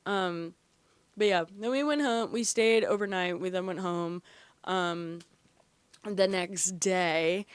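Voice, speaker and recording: A woman's voice: fairly low pitch, clean tone, no echo. Young woman, podcast host, casual rambling chat, fillers and swearing, dry close recording. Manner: chatty, animated storytelling with frequent fillers and swearing.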